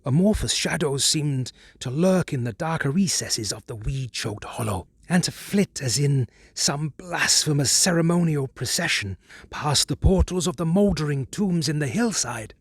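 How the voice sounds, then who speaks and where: Husky guy narrating a horror audiobook, slow and dramatic, dry close sound. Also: a little high, animated, no echo. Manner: measured, hushed, dramatic.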